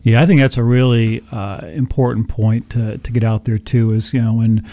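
A man hosting an interview, responding agreeably and a little haltingly. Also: mid-range voice, fairly even intonation, warm tone, no echo. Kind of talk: conversational interview.

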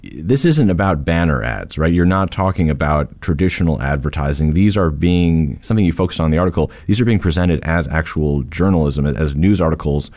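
A man from interviewing a guest on public radio, speaking in a measured way and laying things out for listeners. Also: extremely low pitch, expressive, darkish tone.

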